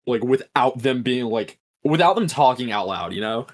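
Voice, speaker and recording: A man's voice: mid-range voice, lively intonation, normal speed. A man hosting a podcast, recapping a film in a casual, swearing storytelling style. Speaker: podcast host.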